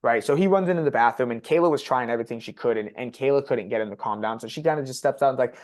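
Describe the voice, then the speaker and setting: A man's voice: mid-range voice, rapid-fire, hardly any pauses. A young man candidly telling a personal story on a podcast, blunt and profane, with lots of "like" fillers. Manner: blunt and profane, heavy use of "like". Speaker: podcast guest sharing his story.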